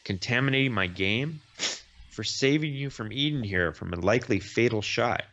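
A man's voice: medium pitch, animated, moderate pace, fairly bright tone. A man reading the lines of a smug older swordsman who mentors archers, with a mocking tone, in a dull lo-fi recording.

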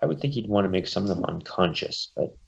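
A man with a fairly low voice talks through a comic book plot in casual podcast chat. He keeps up the recap with his own asides. The recording sounds dull and lo-fi. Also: lively intonation, creaky, a little hiss or hum. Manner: summarizes plots and puts on quick character voices.

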